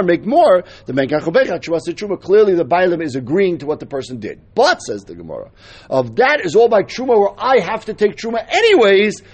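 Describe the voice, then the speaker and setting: A man with a husky voice teaching a Talmud lesson, explaining step by step and mixing in Hebrew and Aramaic terms. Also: sits high.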